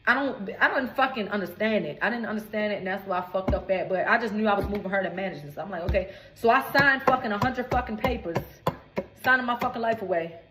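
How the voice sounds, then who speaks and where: High-pitched woman in her twenties, swearing and indignant, storytime rant in an echoey room. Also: a bit bright, slight background noise. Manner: profane, indignant, emphatic. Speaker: recording artist.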